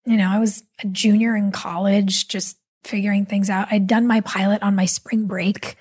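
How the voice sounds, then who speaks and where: A woman guest in a casual interview, telling stories animatedly with quick asides. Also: medium pitch, flat delivery, darkish tone, breathy edge. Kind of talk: casual conversational storytelling.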